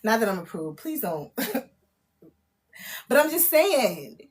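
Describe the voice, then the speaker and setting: A woman, chatting on a live stream as a spiritual reader, laughing often, loud and disbelieving, full of slang. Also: fairly high pitch, big pitch swings, slow. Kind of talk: casual live-stream chat.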